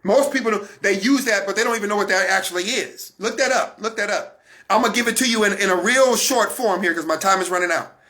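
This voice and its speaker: A broadcast minister with a high, sharp voice and quick pace gives a Christian teaching talk, emphatic and repetitive, coaching his listeners directly.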